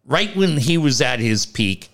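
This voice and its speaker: Animated male sports co-host, wide pitch swings, laughs at his own jokes. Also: a little slow. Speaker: podcast co-host. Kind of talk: casual sports talk.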